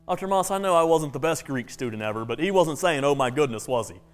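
A man's voice: a little high, animated, quick pace. A man teaching a Bible class as a preacher, telling stories animatedly and often restarting on repeated words. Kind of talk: classroom sermon with storytelling.

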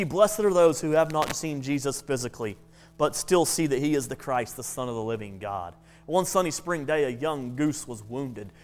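A man teaching a Bible class as a preacher, telling stories animatedly and often restarting on repeated words. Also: a little high. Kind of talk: classroom sermon with storytelling.

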